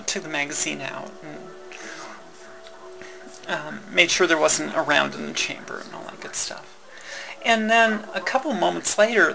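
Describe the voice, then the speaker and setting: A woman telling a personal story in a halting way, with many fillers, restarts and wry laughs. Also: on the low side, gravelly, bright, forceful tone, a little hiss or hum, poor audio.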